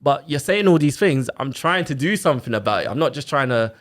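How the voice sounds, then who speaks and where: A man, telling his own story on a podcast in a casual, animated way, full of quoted back-and-forth and fillers like "like" and "innit". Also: medium pitch, brisk. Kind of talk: casual chat, personal story.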